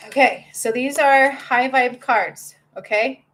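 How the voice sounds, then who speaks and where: A bubbly middle-aged woman gives a spiritual reading on a live stream. Her voice sits a touch high and gushes with excitement, with frequent laughs. A faint hiss of noise runs underneath. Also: slow pace. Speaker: spiritual medium and healer.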